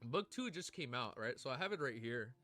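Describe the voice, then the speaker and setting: Excitable, lively-voiced male streamer. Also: mid-range voice, brisk, faint music behind. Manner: excitable, swears often, gushes and laughs. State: emotional, near tears. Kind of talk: casual livestream chat.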